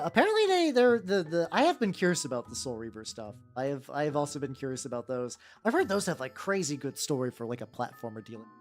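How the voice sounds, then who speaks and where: A chatty streamer talks through a painting session in a loose, rambling way, full of fillers and false starts. The voice sits at a middle pitch but swoops up and down a lot. Soft background music plays faintly under the talk. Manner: rambling, many "like" fillers and restarts; answers chat while painting. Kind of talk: casual livestream chat.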